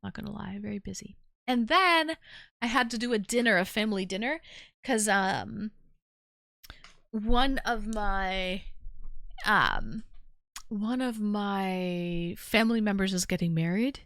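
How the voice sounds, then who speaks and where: A woman hosts a call-in livestream in a loose, chatty way, teasing her callers, and she sounds tired. Her voice is smooth and clear. The sound is close and dry. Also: mid-range voice, lively intonation, unhurried, long pauses, a bit bright, no room sound. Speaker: livestream call-in show host. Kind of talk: casual chat.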